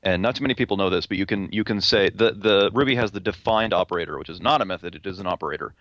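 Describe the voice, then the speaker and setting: A man's voice: deep voice, racing, fairly bright tone, no echo, lo-fi sound. A man talking through a technical point in casual panel chat, with many restarts and fillers. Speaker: podcast panelist.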